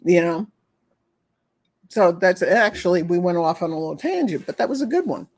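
A woman's voice: lowish voice, sing-song, moderate pace, long pauses, a little mellow. A woman who talks with animals, explaining her work in an earnest, repetitive conversational way. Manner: earnest, repetitive, acts out pitying voices. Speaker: animal communicator guest. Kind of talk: casual conversation.

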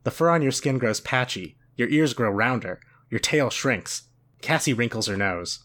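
A man reads a story aloud for a podcast, his voice swinging widely up and down to dramatize each beat. He is expressive and quick to break into laughter with his co-host. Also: mid-range voice. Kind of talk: dramatic read-aloud with banter.

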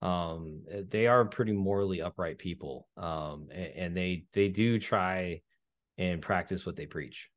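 Deep-voiced man, rambling and hesitant. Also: a little slow. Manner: rambling, hesitant, with many fillers. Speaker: podcast host. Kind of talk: casual conversation.

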